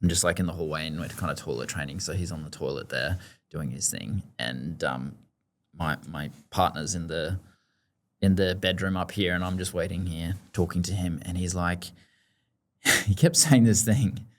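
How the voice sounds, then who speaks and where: Relaxed low-voiced man hosting. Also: moderate pace. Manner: relaxed, laughing storyteller. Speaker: podcast host. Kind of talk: casual podcast interview.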